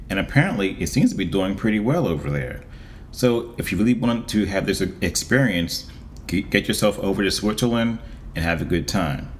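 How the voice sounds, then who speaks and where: A man giving a casual, wry monologue as a vlogger, with deliberate pauses. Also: lowish voice, a little hiss or hum.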